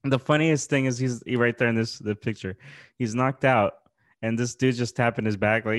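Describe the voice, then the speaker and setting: A man co-hosting a podcast who keeps the chat casual. He reacts in a laid-back way and talks in an everyday middle-pitched voice. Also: fairly even intonation, moderate pace. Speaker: podcast co-host.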